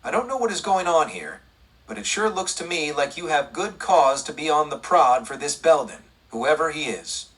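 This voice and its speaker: Brief: man reading as a young western cowboy, low pleasant drawl, husky, a bit off-mic. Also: very animated, moderate pace, a bit bright, distant mic, full character voice. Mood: polite. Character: drawling young male cowboy lawman, polite.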